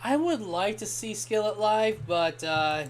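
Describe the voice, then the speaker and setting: Chatting casually on his game stream, a young man tells long, wandering anecdotes and swears occasionally. His voice is high and animated but a little slow, with a little hiss or hum in the recording.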